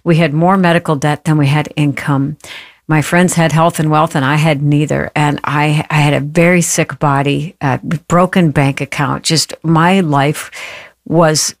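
A woman's voice: sits low, steady tone, measured pace, no echo, studio quality. A woman hosting a faith talk show, telling a personal story in an earnest, heartfelt way and speaking directly to listeners to encourage them. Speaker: radio show host.

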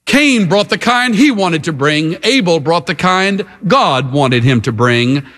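A man preaching a sermon as a pastor, emphatic and with dramatic pauses. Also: a little high, expressive, a bit bright.

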